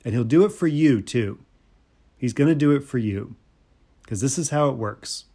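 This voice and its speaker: A man's voice: mid-range voice, expressive, moderate pace, warm tone, husky. Man preaching in a conversational way. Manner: conversational preaching with fillers and repetition. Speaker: pastor. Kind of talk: sermon.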